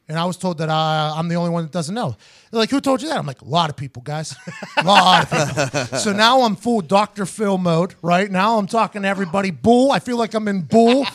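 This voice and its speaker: High-voiced man telling a wild story. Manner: animated, acts out others' voices in his stories, swears freely. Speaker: podcast host. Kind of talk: casual storytelling.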